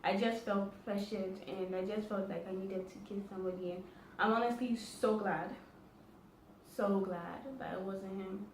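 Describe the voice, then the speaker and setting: A woman's voice: mid-range voice, fairly even intonation, normal speed, distant mic. Chatty woman vlogger in an echoey room. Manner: chatty, acts out quoted dialogue. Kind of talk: casual storytime vlog. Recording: roomy echo, faint background noise.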